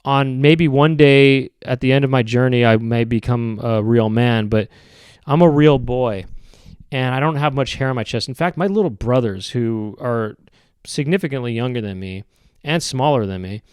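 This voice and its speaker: A man hosting a podcast, rambling through a comedic monologue in a halting, hesitant way with many restarts and drawn-out phrases. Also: medium pitch, darkish tone, clean tone, dry recording, clean studio sound. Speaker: podcast host.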